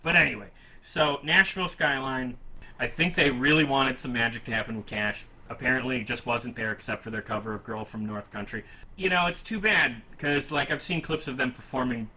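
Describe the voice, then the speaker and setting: A man's voice: medium pitch, a little fast, bright, forceful tone, rough recording. A man hosting a casual music podcast, talking in a rambling, enthusiastic and self-deprecating way. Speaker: podcast host.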